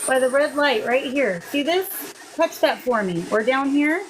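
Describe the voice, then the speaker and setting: A fairly high-voiced woman leads a live spirit-communication session in a soothing, patient tone. She keeps her voice gentle and affectionate, and a faint hiss sits underneath it. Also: animated, measured pace, poor audio. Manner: gentle, coaxing, calls the unseen listener "darling" and "sweet pea". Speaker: paranormal investigator hosting a spirit session. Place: indoors beside a table of ghost-hunting gear.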